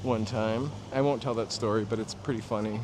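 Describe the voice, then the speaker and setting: Speaking with a fairly low pitch, fairly even intonation, and a fairly quick pace, this livestream host from New Hampshire walks a city street at night. He rambles through nostalgic stories and talks to viewers while traffic and city sounds pass behind him.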